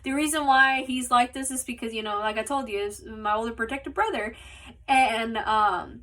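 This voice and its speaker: A woman's voice: on the high side, moderate pace, bright, forceful tone, distant mic. A woman casually telling a personal story as a podcast host, rambling with lots of "like" and "you know", recorded on a phone. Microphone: phone mic.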